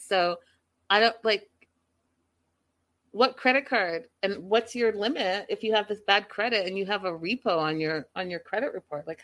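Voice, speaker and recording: A woman's voice: mid-range voice, a bit bright. A woman recapping a reality show episode for her viewers in a casual, gossipy, incredulous way.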